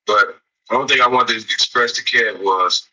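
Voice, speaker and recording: Male host, bright tense tone with husky edge, mic set back; earnest, emphatic commentary. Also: medium pitch, moderate pace, distant mic, rough recording. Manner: earnest, emphatic, repeats himself. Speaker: podcast host. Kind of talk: casual commentary.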